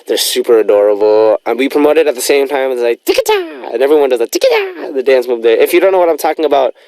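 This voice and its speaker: Young guy radio dj rambling on, mid pitched, dry close sound, lots of ums and likes. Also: very fast, darkish tone, smooth, no room sound. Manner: rambling and chatty, with many fillers. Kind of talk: casual radio chat.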